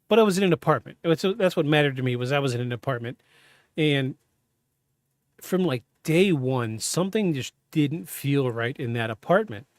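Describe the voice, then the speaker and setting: A man hosting a podcast, telling a personal story in a halting, candid, self-interrupting way. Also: medium pitch, no room sound, clean studio sound. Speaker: podcast host. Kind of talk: casual storytelling.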